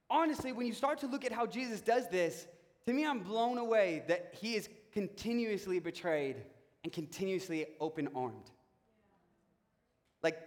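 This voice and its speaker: A young adult man preaching a sermon, telling stories about himself in a relaxed, joking way. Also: high-pitched. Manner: conversational, self-mocking storytelling. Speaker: pastor. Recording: long reverb of a large hall.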